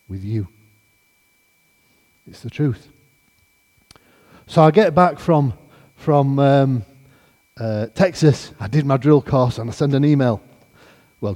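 A man giving an animated storytelling testimony, acting out the conversations as he goes. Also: medium pitch, slightly rough, big-room sound.

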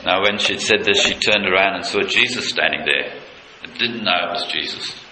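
A male preacher giving a sermon, retelling a scene with passion, dropping low and quiet and then leaping high with excitement. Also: normal speed. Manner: impassioned, leaps from low intimacy to high excited pitch. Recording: echoey room with faint noise.

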